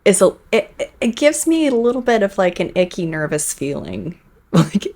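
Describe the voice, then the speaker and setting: A woman host giving casual commentary on online clips, chatty and full of quick restarts. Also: mid-range voice, big pitch swings, darkish tone. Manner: chatty, with frequent restarts and laughs.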